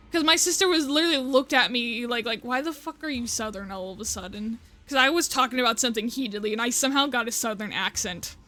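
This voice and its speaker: A woman's voice: high-pitched, a bit bright. A woman streaming a game, chatting casually and reading story text aloud, swearing often, mocking herself and laughing a lot.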